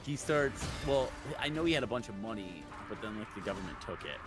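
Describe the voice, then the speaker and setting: A man chatting casually during a gaming session, animated and often breaking into laughter. His pitch is ordinary but jumps all over as he talks. Game music plays clearly behind him. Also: a little fast. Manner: animated, laughing retelling of jokes. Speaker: gamer. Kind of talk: casual chat while gaming.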